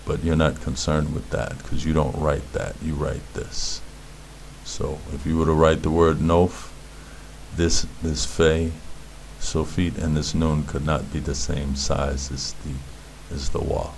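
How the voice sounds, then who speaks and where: A man's voice: extremely low pitch, little pitch movement, unhurried, creaky, slight background noise. A man teaching beginners Hebrew letters, patiently repeating words and sounds as he explains. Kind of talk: instructional explanation.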